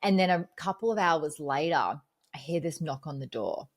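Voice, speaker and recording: A woman's voice: low voice, moderate pace. A woman in her thirties, a podcast guest, candidly retelling a personal breakdown with acted-out quotes and blunt swearing. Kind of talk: personal storytelling in conversation.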